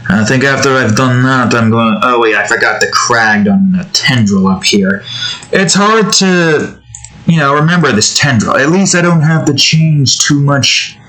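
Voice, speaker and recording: A man's voice: medium pitch, normal speed, few pauses, sharp tone, poor audio. Man rambling while he draws. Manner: rambling, muttering to himself. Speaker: digital artist. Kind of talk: casual narration while drawing.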